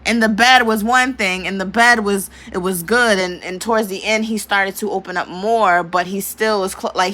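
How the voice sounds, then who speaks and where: A woman vlogging in a casual, storytelling rant, with a bright, forceful edge to her voice. She talks animatedly, breaks into laughter often and curses without holding back. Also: medium pitch. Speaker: spiritual vlogger.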